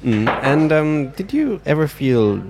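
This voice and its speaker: A man's voice: fairly high pitch, very animated, takes it slowly, background noise. A man interviewing a guest with short, probing follow-up questions.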